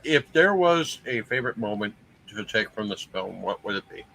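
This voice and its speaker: A man hosting a casual group discussion, halting and full of filler sounds. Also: on the low side, expressive, vocal fry, pushed and bright, low-quality recording. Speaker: discussion host.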